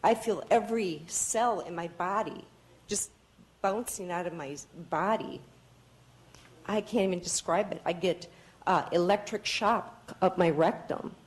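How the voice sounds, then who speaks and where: Woman, public testimony, earnest and pleading, tired, lowish voice. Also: measured pace, low-quality recording. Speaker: public commenter.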